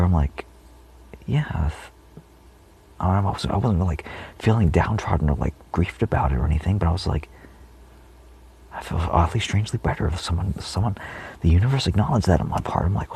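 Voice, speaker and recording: Very deep, gravelly-voiced man rambling. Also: animated, moderate pace, long pauses, warm tone. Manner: meandering, many fillers, often trails off into whispers. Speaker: spiritual vlogger. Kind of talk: rambling monologue.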